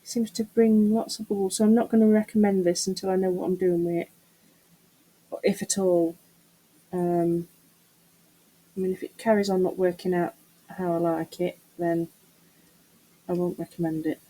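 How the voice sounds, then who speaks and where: A woman's voice: on the low side, level tone, normal speed, warm tone, rough recording. A middle-aged woman chatting casually to camera while doing a resin craft, muttering to herself and teasing herself about her mess. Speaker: craft vlogger.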